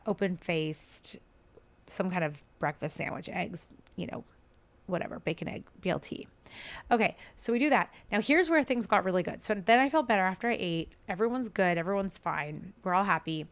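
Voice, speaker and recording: A woman in her thirties hosting a podcast, telling a family story in a chatty, exasperated way, full of "like.". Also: medium pitch. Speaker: podcast host. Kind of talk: casual storytelling.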